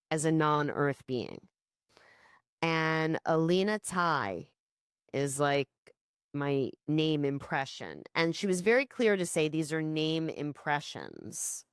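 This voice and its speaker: A woman co-hosting a podcast, telling stories in animated casual chat and swearing offhandedly. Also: deep voice, no echo, studio quality. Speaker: podcast co-host.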